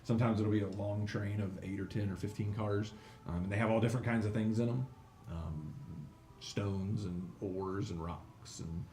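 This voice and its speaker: A man's voice: lowish voice, fairly even intonation, normal speed, warm tone. A man narrating a tabletop game as game master, rambling with many fillers. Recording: echoey room, some noise.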